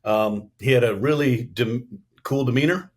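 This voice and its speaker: A man's voice: mid-range voice, a little slow. Middle-aged East Coast man, podcast guest: earnest, expansive storytelling with a mid-range voice. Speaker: guest, company CEO. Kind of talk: storytelling interview answers.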